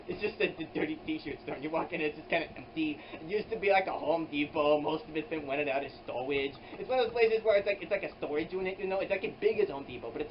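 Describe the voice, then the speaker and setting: A man's voice: on the high side, natural voice. A man voicing a tiny chattering pig, Pep'e De Pig. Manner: rambling and giggly, full of "like" and restarts; childlike baby-talk voice. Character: tiny young male pig, chatty, petty and self-pitying. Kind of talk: improvised comedy vlog monologue. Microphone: handheld camera mic. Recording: slightly dull audio with air conditioner hum.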